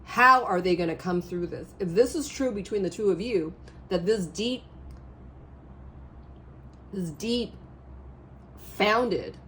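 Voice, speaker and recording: A woman reading tarot cards in a rambling, animated way, her voice a little hoarse, often checking in with the listener. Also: mid-range voice, slow pace, pauses often, slight background noise. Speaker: tarot reader. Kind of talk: casual spiritual reading to camera.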